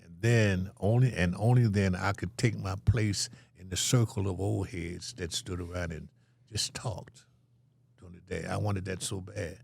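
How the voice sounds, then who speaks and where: Older man with a gravelly low voice. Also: fairly even intonation, normal speed, a little mellow. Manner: vivid storyteller acting out quoted voices. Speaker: interview guest. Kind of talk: storytelling in an interview.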